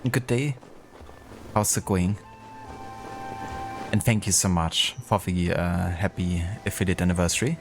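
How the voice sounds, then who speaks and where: A man's voice: sits low, fairly even intonation, measured pace, long pauses, over music. A man streaming a video game live, chatting casually and thanking viewers with many fillers. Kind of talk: casual live-stream chat while gaming.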